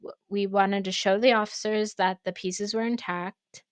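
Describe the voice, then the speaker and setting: Brief: woman co-host, casual animated storyteller with a blunt, profane streak; dry room. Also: mid-range voice, normal speed, clear, resonant tone, dry recording. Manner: animated, swears freely. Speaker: pottery studio co-owner and podcast host.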